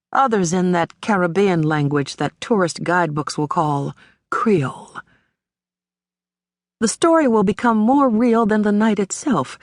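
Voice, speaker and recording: A woman narrating a literary audiobook in a measured, deliberate way, recorded on a close studio mic. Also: on the low side, no echo.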